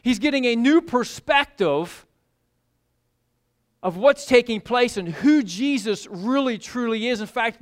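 Woman preacher, high voice, slow deliberate pace, animated sermon with repeated words.

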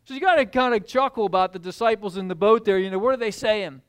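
A man preaching a sermon, telling the story in an animated way and acting out the scenes. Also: high voice, fast, hardly any pauses, smooth. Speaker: pastor.

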